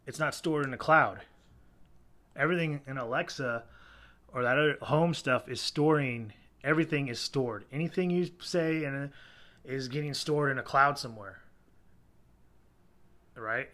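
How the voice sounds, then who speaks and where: A man's voice: medium pitch, bright, forceful tone. Man ranting in a rambling, heated way. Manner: heated, rambling, frequent restarts. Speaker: father ranting about technology. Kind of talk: casual rant to camera.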